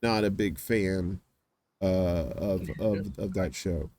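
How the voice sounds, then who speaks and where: A man hosting a casual live-stream chat, telling rambling stories full of filler words and dropping into quick voice impressions. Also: low voice, darkish tone, slight background noise. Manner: does quick voice impressions of others. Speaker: host.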